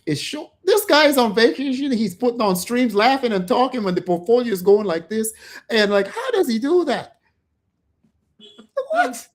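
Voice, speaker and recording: Animated middle-aged man hosting a stream. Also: medium pitch. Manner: animated, gets worked up, jumps between loud and soft. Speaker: livestream host. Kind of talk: casual livestream chat.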